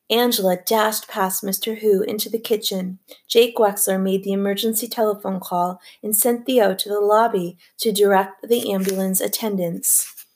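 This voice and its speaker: A woman narrating a novel as an audiobook reader, with a measured, even storytelling delivery. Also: mid-range voice. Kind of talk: scripted narration.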